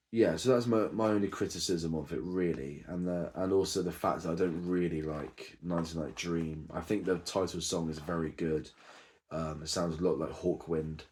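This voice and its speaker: Low-voiced man rambling through a review. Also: a little mellow. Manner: rambling, many ums and self-corrections. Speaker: music reviewer. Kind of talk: casual unscripted review.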